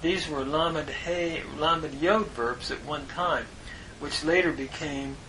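A man giving a lesson on Hebrew grammar, speaking in a measured way with pauses and frequent "uh" fillers as he spells out terms. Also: a little high, noisy background. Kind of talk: slow explanatory lecture.

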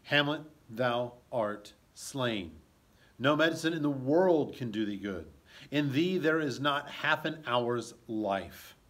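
A young nobleman confesses his wrong in slow, earnest lines, as a man reads him aloud. The voice stays in a middle male range and takes its time. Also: mid-range voice, lively intonation, fairly bright tone. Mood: remorseful. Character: dying young nobleman, remorseful.

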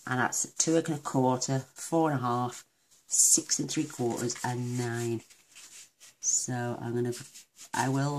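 Very low-voiced chatty British crafter. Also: female voice, a little hiss or hum. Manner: chatty and affectionate, talks while working. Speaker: craft demonstrator. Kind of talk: casual crafting tutorial.

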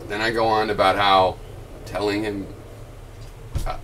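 Low-voiced man rambling through a rebuttal. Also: level tone, a little slow, long pauses, pushed and bright, slight background noise, rough recording. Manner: rambling, thinks aloud with many restarts; argumentative, rising to pointed questions. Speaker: video blogger. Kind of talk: casual off-the-cuff commentary.

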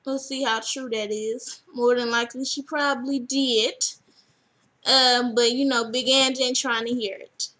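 A young woman casually recapping a reality TV episode, animated and acting out what people said. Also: on the high side, measured pace. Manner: animated, acts out quotes.

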